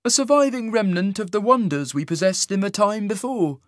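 A man voicing an eerie immortal male adjudicator with a sing-song, slow and serene way of speaking. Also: sits high, dry recording, studio quality, voice pushed up, lightly acted. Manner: slow, serene, unsettlingly calm.

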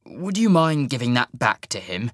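A guy doing tired sad wizard man, slow and held back, dry sound. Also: mid-range voice, big pitch swings, no echo. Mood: urgent. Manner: slow and restrained. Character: weary male half-mage, sorrowful, self-sacrificing.

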